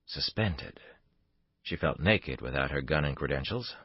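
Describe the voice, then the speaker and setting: Deep, husky male audiobook narrator. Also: lively intonation, a little slow, no room sound, lo-fi sound. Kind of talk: scripted narration.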